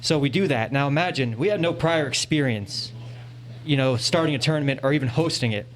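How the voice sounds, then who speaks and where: A man's voice: medium pitch, a little fast. A young man at a convention panel, telling an earnest, rambling story into a handheld mic and often saying "you know". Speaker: audience member at a panel. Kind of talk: casual anecdote. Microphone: handheld panel microphone.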